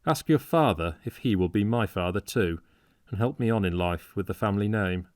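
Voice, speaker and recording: A man reading a storybook part as an excitable young medical student who speaks with harsh, mocking sarcasm. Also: fairly low pitch, normal speed, no room sound, clean studio sound, natural voice. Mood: bitter.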